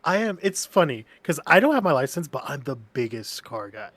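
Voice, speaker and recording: A man guest on a podcast, with a fairly high, bright, forceful voice, talking enthusiastically and laughing often. The sound is dry and close. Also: big pitch swings, a little fast, dry recording. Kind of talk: casual chat on a live stream.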